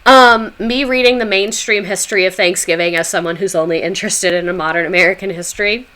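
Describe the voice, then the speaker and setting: A woman's voice: medium pitch, quick pace, sharp tone. A woman livestreaming a casual history talk, chatting with viewers in a sarcastic, chatty way with swearing asides.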